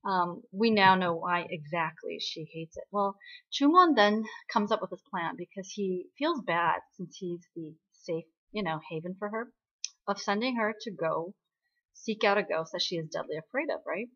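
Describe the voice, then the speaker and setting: A woman talks through a story recap in a loose, conversational way, often tagging her points with "right?". Her voice sits a little low for a woman. The recording sounds muffled and lo-fi. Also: normal speed, fairly bright tone. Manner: chatty, ends points with "right?". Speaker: drama recap vlogger. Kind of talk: casual spoken recap. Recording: dull lo-fi recording.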